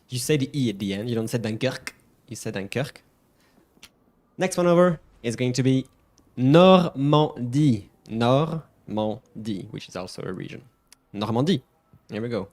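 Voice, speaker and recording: A man's voice: medium pitch, animated, darkish tone. French man drawing out French names. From France. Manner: playful, drawn-out emphatic pronunciations. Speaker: co-host. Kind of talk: casual stream chat and pronunciation lesson.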